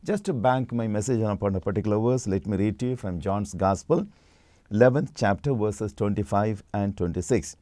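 Guy preaching a sermon, mellow dark voice, slow and deliberate, dry close sound. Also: on the low side, dry recording. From India. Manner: measured teaching, slow and deliberate.

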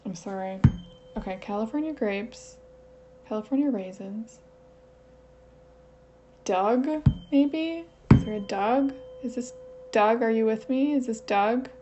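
Woman, slightly high voice, hesitant, thinking out loud, dull lo-fi sound. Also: slow pace, pauses often. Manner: hesitant, thinking aloud, self-questioning. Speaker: channeler. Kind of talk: casual solo channeling session. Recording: slightly dull lo-fi audio with faint noise.

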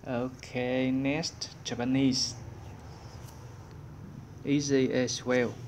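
A man leads an English workbook lesson at a very slow, unhurried pace. He thinks aloud as he searches for each answer, and a faint background hum sits under his voice. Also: mid-range voice, flat delivery, darkish tone. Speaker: English teacher.

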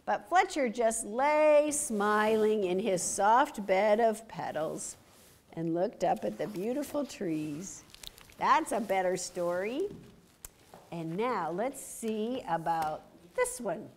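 A woman reading a picture book aloud to children, animated and stopping to ask them questions. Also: medium pitch, slow pace. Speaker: story time reader.

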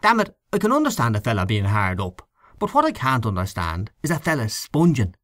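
A man's voice: medium pitch, wildly swooping pitch, brisk, a bit bright, no echo, studio quality. A man voicing a grumbling, gossipy middle-aged canvasser in a storybook reading, scornful and snuffling, with a conspiratorial manner.

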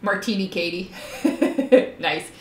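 A woman co-hosts a live drawing stream in easy, rambling chat, laughing often and pausing with ums. Her voice sits at an ordinary pitch for a woman. The room gives it a roomy echo with a faint hum. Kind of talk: casual chat.

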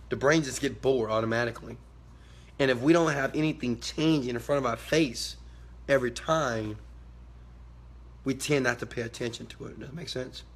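A motivational speaker with a mid-range voice addresses his viewers in an emphatic, preachy manner. He swings between quiet asides and loud, shouted bursts.

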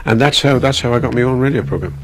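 A man's voice: medium pitch, fast talker, soft background music. An older man with an Irish accent, chatting about his past and acting out the people he quotes. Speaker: interviewee, singer. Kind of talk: anecdotal reminiscing.

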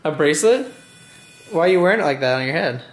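A man's voice: fairly high pitch, animated, quick pace, a little hiss or hum. A young man from Alabama, a family vlogger, talking casually and playfully with lots of fillers. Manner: chatty, filler-heavy, playful. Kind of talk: casual vlog talk. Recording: echoey room with faint music.

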